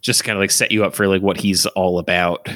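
Young male co-host, loose rambling chat, low voice, dry room. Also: little pitch movement, brisk, a bit bright, dry recording. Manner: rambling, laughs a lot, swears freely. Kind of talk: casual chat.

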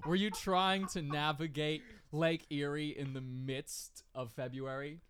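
A man co-hosting an improvised comedy podcast, cracking crude deadpan jokes. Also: on the high side, unhurried, clean tone, no room sound, studio quality. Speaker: podcast co-host.

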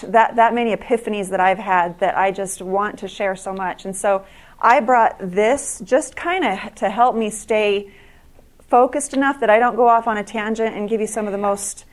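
At an evening event, a middle-aged woman gives a speech to an audience, earnestly telling stories and often restarting and repeating words. Her voice is medium-pitched at normal speed.

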